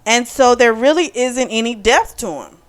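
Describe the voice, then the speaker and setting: A woman's voice: fairly high pitch, animated, normal speed. Chatty woman reviewing a book. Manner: chatty and opinionated, with frequent fillers. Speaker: book club host.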